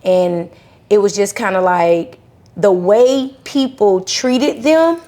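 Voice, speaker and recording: A woman from Charlotte, North Carolina, a podcast guest telling her story in a lively, conversational way and acting out what people said. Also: mid-range voice, takes it slowly, slight background noise. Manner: animated, acts out voices in her stories.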